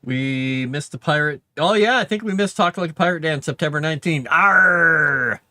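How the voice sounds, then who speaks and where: A man's voice: a little high, brisk, a bit bright, no room sound, clean studio sound. A man casually chatting on a live writing stream, trailing off mid-sentence as he works. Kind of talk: casual chat while writing.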